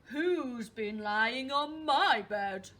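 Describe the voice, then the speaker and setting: A woman voicing a big father bear who speaks in a loud, booming, drawn-out way in a storybook reading. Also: animated, heavily acted. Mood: gruff.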